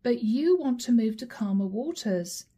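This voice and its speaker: A woman's voice: a little high, expressive, normal speed, mellow, husky. A woman giving a tarot reading, addressing the viewer directly with probing, repeated questions. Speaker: tarot reader.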